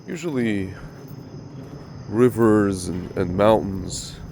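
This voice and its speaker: This man hosts a casual religious commentary, rambling and opinionated as he talks straight to viewers, his voice a touch nasal from a cold. He speaks slowly in a lowish, creaky, darkish voice with lively intonation, and there is slight background noise.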